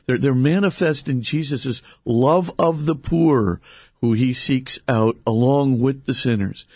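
A priest speaking earnestly and emphatically, explaining theology in conversation with frequent restarts and rhetorical questions. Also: male voice, medium pitch, darkish tone, dry recording, studio quality. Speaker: priest and guest.

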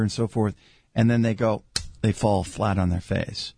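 A man's voice: fairly low pitch, little pitch movement, a little slow, no echo, studio quality. A man hosting a Christian talk show, preaching with fervor and asking guests questions. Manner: fervent, builds to shouted praise. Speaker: host.

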